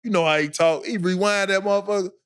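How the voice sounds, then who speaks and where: A man, co-hosting a podcast and telling an animated story full of acted-out quotes. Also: high-pitched, fast, smooth. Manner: animated storyteller, acts out quotes, laughs a lot. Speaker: podcast co-host. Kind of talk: casual storytelling.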